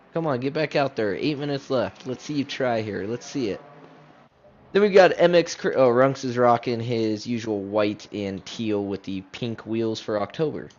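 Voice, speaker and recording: A man's voice: mid-range voice, a little mellow, dull audio, slight background noise. Chatty man calling a sim race. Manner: chatty, self-correcting, talks straight to viewers. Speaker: sim racing commentator. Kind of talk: casual live race commentary.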